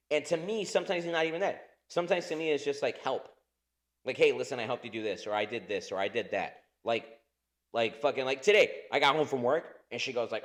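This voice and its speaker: A man's voice: mid-range voice, brisk, fairly bright tone. Swearing, rambling podcast guy. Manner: profane, rambling, laughs often. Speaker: podcast co-host. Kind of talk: casual chat.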